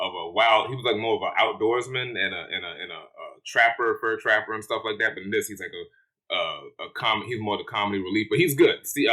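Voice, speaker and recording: A man giving a casual movie review, rambling with many fillers and restarts, relaxed and plain-spoken. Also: fairly low pitch, low-quality recording.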